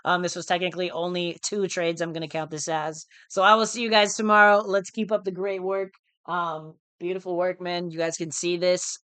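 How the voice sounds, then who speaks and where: A man's voice: high-pitched, level tone, moderate pace, hardly any pauses, pushed and bright, smooth, no room sound. A man day trading on a live stream, chatting casually in a laid-back, slangy way, repeating phrases and calling listeners dude and bro. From United States.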